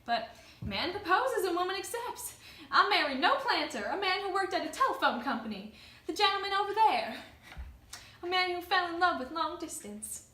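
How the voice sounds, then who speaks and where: A woman's voice: extremely high pitch, sing-song, normal speed, sharp tone, heavily acted. A woman playing a fussy, genteel, faded Southern mother who chatters on at length, in an amateur stage performance. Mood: gushing. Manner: gushing, talkative. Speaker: student performer. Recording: echoey room, distant mic.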